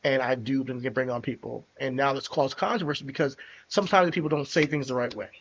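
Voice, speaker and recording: A man's voice: mid-range voice, fast. New jersey guy hosting a podcast, laid back, kinda dull lo-fi audio. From New Jersey, USA. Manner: relaxed, conversational, some restarts. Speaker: podcast host. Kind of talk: casual podcast chat.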